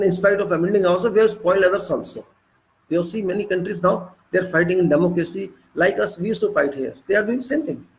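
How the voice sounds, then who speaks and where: A man's voice: high voice, rough recording. A man giving a spiritual talk, scolding his listeners with long repeated lists and pointed rhetorical questions. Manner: emphatic questions to the audience. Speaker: spiritual speaker. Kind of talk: preaching monologue.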